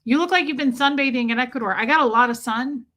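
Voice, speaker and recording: A woman's voice: high-pitched, quick pace, a bit bright. A woman hosting a casual livestream, chatting playfully and reading viewers' names aloud. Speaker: livestream host. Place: countryside home.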